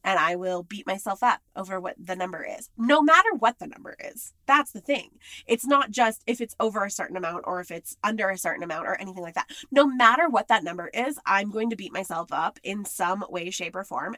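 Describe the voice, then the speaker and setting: A woman's voice: mid-range voice, animated, fairly quick, bright, forceful tone, dry recording. A woman talking candidly and with frustration in a casual monologue, emphatic and blunt.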